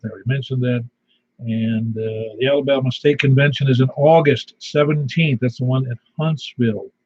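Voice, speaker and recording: A man's voice: medium pitch, darkish tone, breathy edge. A man with a slight lisp, hosting a casual amateur radio net with rambling announcements. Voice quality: slight lisp from a missing tooth. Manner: folksy, rambling announcements with fillers. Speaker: net control host. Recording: dull lo-fi radio audio.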